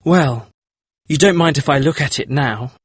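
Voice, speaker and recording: An actor playing an earnest, troubled male painter with a husky voice, in an audiobook drama reading. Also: a little high, moderate pace, no echo. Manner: pleading, earnest.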